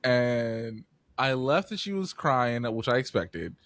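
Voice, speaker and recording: Young man, podcast co-host, casual chat, animated storyteller, swings his pitch a lot, dry close sound. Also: slow pace, no echo. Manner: animated storytelling, swears freely, acts out voices.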